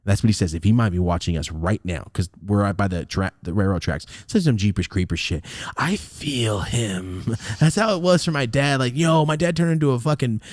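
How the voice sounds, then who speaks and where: A young man on a podcast telling a story about his youth, swearing a lot and laughing often, swinging from loud excited outbursts to quiet mutters. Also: on the low side, quick pace, hardly any pauses, no echo. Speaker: podcast co-host. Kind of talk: animated storytelling.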